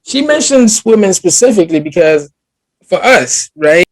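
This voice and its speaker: Young male co-host, slightly high voice, dry close sound, animated storyteller. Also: normal speed, dry recording. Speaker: podcast co-host. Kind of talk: casual chat.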